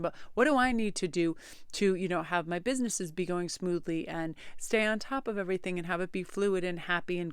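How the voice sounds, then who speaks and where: A woman tarot reader talking casually to her camera, rambling and animated as she tells everyday stories. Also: fairly low pitch, smooth, dry recording, studio quality. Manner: chatty, rambling, animated storyteller. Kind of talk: casual chatty vlog. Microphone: close camera-mounted mic.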